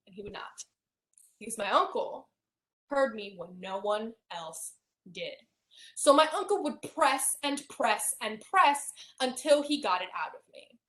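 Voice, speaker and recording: Soft-spoken woman telling a painful story. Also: fairly high pitch, animated, unhurried. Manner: often drops to a soft near-whisper. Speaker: hypnosis client. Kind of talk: emotional personal storytelling. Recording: roomy echo.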